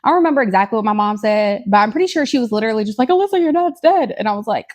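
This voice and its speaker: A woman, a podcast co-host telling personal stories in casual chat, blunt and candid with dark humor. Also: mid-range voice, lively intonation, rapid-fire. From Tennessee, USA. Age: 20s.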